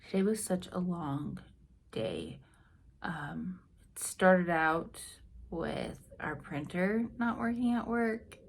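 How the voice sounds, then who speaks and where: Speaking slowly in a low, expressive, creaky voice, this twenties-aged teacher vents frankly and wearily to the camera in a personal vlog. She leans on fillers and lets words trail off softly, with a little hiss or hum in the audio.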